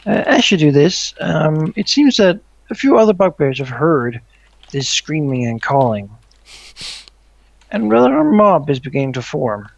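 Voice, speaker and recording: Gravelly-voiced man running a tabletop game. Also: a little high, sing-song, unhurried, no echo. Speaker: game master. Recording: dull lo-fi mic.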